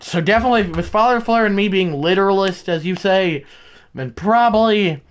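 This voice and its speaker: A man doing play-by-play for a baseball video game, chatting and correcting himself between plays and shouting on big hits. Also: high voice, moderate pace, clean tone. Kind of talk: play-by-play commentary with rambling asides.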